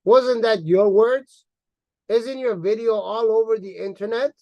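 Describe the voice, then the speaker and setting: A man's voice: high voice, fairly even intonation, measured pace, no room sound, highs cut off. A man delivering a heated, mocking monologue as an online commentator, repeating words for emphasis. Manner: angry, mocking, insulting.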